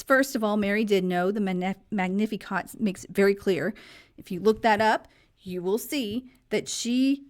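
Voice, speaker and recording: A woman, hoarse and losing her voice, giving her opinions in a casual, chatty vlog. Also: a little high. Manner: chatty, opinionated, faith-focused. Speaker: vlog host.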